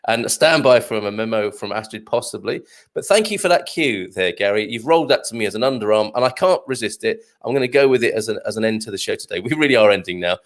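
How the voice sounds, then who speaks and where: A male host chats through viewer comments on a casual live morning show, rambling with plenty of fillers and chuckles. His pitch sits in the middle but swings lively up and down as he jokes.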